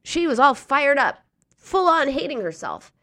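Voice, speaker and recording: A woman's voice: high voice, very animated, a little slow, sharp tone, no room sound, studio quality. A woman giving an earnest, encouraging coaching talk to listeners, now and then acting out a harsh inner voice. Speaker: speaker on emotional eating.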